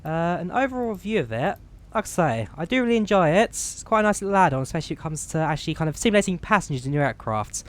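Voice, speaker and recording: A man from the UK giving relaxed, chatty commentary while flying a flight simulator, explaining each menu as he clicks through it on a headset mic. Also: a little high, fast, hardly any pauses. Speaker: flight sim streamer. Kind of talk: casual gameplay commentary.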